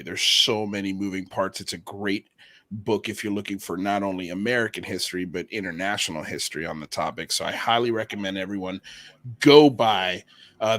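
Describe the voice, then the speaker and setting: A man's voice: on the low side, fairly bright tone. A man hosting a livestream show, chatting in an effusive, enthusiastic and playful way. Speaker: podcast host. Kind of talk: casual livestream chat.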